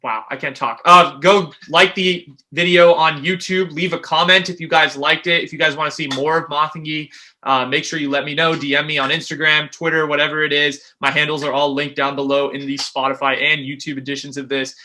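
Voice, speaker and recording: Bright-voiced young podcast host. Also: male voice, fairly high pitch, little pitch movement, a little fast. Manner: upbeat, casual, slangy. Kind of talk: casual conversation.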